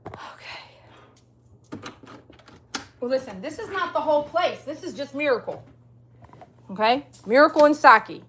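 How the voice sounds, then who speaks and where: A woman's voice: high-pitched, animated, a little slow, pauses often, a bit bright, a little hiss or hum. A woman from St. chatting casually in a home vlog, talking to her dogs and laughing easily, recorded on a phone. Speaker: dog groomer and vlogger. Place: home and backyard in winter.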